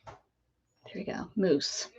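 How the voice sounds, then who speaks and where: A woman's voice: extremely slow, slight background noise. A woman from the Pittsburgh area hosting a crafting live stream, chatting casually and greeting viewers by name as she works.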